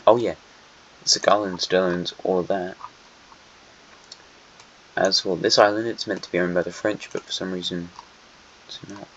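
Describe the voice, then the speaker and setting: Man, casual map commentary, rambling, self-correcting, wry, low-pitched, dull lo-fi recording. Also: a little hiss or hum. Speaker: host. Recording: dull lo-fi sound.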